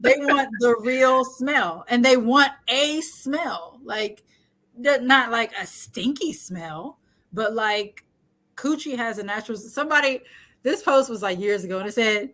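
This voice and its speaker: A woman's voice: fairly high pitch, a little slow, fairly bright tone. A young adult woman hosting a casual chat, talking frankly and joking, often laughing. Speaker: host.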